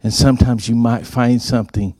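A man's voice: steady tone, brisk, dark tone, dry recording, studio quality. A man giving a sermon, telling stories and acting out the dialogue. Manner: storytelling, acts out quoted dialogue in a higher voice. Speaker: preacher.

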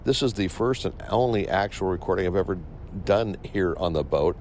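A man speaks a casual voice memo into his phone on a ship at sea, sounding groggy in the early morning. His voice is low and his manner wry and unhurried, with a faint engine rumble behind him. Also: animated, a little mellow. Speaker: podcast host. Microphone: phone recorder.

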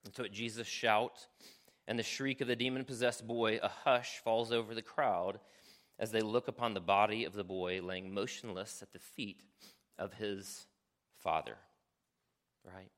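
A man preaching a sermon as a pastor, earnest and conversational, often checking in with the congregation and sometimes dropping to a hushed near-whisper for emphasis. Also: fairly low pitch, fairly even intonation, unhurried. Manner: earnest, conversational preaching with frequent "right?" asides.

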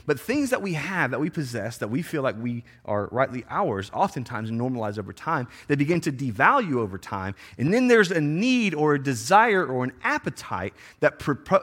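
A man's voice: mid-range voice, big pitch swings, moderate pace, a bit bright. A man preaching a sermon in a casual, slangy way, acting out the people in the story with playful voices. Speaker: pastor.

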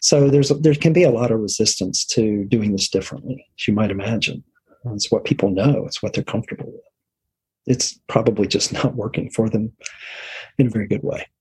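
A middle-aged male therapist reflects warmly during a conversational interview, often checking in with "right?" and restarting his sentences. His voice is on the low side with a breathy edge, and he speaks a little fast.

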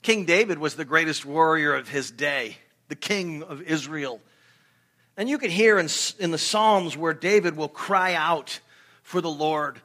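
A man's voice: fairly high pitch, measured pace, pushed and bright. A man preaching a sermon as a pastor, earnest and emphatic, often repeating words as he builds a point.

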